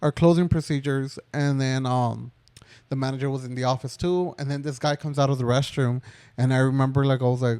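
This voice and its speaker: Here a young man in his twenties, co-hosting a podcast, casually rambles through a personal story with many fillers. His medium-pitched voice is steady, brisk, smooth and somewhat dark, recorded without echo.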